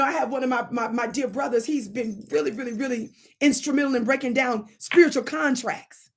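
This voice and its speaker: A woman's voice: high-pitched, a little fast, few pauses, husky. A woman hosting a spiritual livestream, teaching in an emphatic, preacher-like way, asking her audience rhetorical questions and thanking viewers for their comments. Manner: reads viewer comments aloud and thanks them warmly. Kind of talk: live-streamed spiritual teaching.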